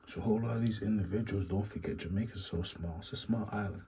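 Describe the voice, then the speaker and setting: A man with a very deep, mellow voice talks through a casual reaction commentary. He rambles and muses, circling back to the same asides over and over. A faint background hiss sits under his voice. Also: fast, hardly any pauses, rough recording. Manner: rambling, repeats stock phrases, musing asides. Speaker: commentary channel host.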